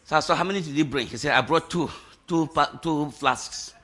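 This middle-aged pastor preaches a lively testimony sermon. His voice sits high for a man, with a very bright, cutting edge and a husky grain. He shouts at the high points and laughs between lines. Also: a little fast.

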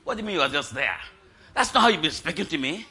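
God, voiced by a preacher, greets like a laid-back buddy with an American accent. The man's voice is high for a man and very bright. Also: lively intonation, quick pace. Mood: chummy.

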